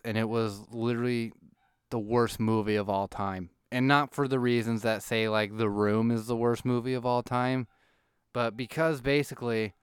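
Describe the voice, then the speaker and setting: A man's voice: medium pitch, smooth, no echo, studio quality. A man delivering a ranting, mock-outraged monologue to his audience, swearing freely and getting worked up.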